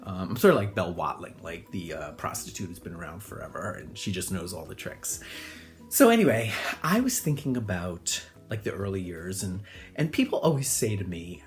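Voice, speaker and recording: An older man from Connecticut tells personal stories in a loose, rambling way, full of ums and likes. His voice sits very low but swings widely, and soft music plays faintly behind him. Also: big pitch swings, a little fast. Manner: chatty, rambling, full of fillers, acts out voices in high squeals. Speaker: hairdresser. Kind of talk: casual storytelling monologue.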